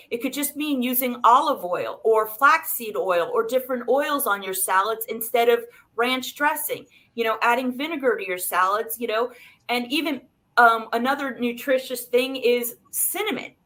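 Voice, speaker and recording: A woman's voice: fairly high pitch, moderate pace, a bit bright. A woman speaking as a doctor guest on a talk show, explaining nutrition with everyday examples.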